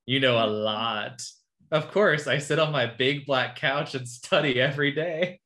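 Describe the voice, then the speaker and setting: Casual co-host, woman, bright edge to the voice, amused reader of dating chats. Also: rumbling low, unhurried. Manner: amused, laughing as she reads. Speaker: podcast co-host. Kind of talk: casual chat, reading dating messages aloud.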